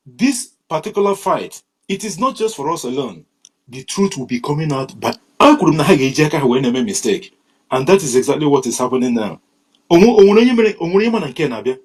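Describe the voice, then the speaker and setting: A man's voice: medium pitch, poor audio. A man speaking earnestly and emphatically in a live online broadcast.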